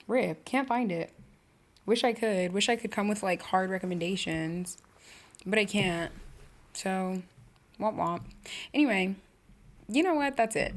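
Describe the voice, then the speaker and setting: A young woman talks on her own podcast in a loose, rambling way. She keeps cutting herself off mid-thought and mixes in slang, with a mid-range voice that often jumps up when she gets excited. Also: mid-range voice, a little slow, pauses often. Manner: rambling, self-interrupting, slangy and animated. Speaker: podcast host. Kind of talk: casual solo podcast chat.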